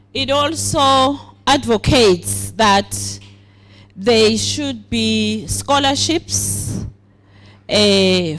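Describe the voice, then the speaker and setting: A woman with a Swazi accent giving a formal speech at a program launch, deliberate and pausing often. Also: medium pitch, slight background noise. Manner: deliberate, with frequent hesitations. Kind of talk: formal speech mixing English and siSwati.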